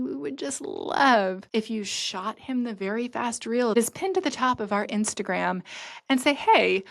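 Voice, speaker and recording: A woman's voice: medium pitch, gravelly, dry recording, studio quality. Blunt, profane woman podcast host. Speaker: podcast host and business owner. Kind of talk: casual podcast monologue.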